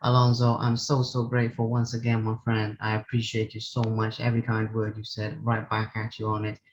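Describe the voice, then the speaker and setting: A man's voice: lowish voice, completely flat delivery, brisk, muffled recording, a little hiss or hum. A man hosting an interview, thanking his guest effusively and wrapping up the show. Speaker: host. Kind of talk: interview wrap-up.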